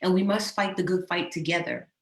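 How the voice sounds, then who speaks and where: A woman's voice: fairly low pitch, animated, fairly quick, creaky. A woman in her fifties from New Jersey, a host giving an emotional, impassioned personal address. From New Jersey, USA. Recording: roomy echo.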